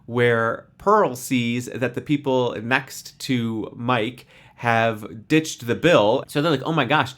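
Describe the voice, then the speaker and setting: Animated man recapping a show. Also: mid-range voice, slow, hardly any pauses. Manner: animated, acts out characters' lines while retelling. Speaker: podcast co-host. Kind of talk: casual chat recapping a TV episode.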